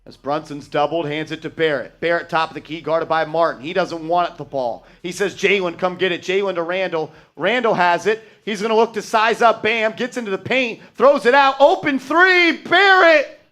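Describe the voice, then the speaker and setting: A man hosting a fan live stream, calling play-by-play and getting loud and profane when his team messes up. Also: fairly high pitch, brisk, hardly any pauses. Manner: excitable, shouts and swears at bad plays.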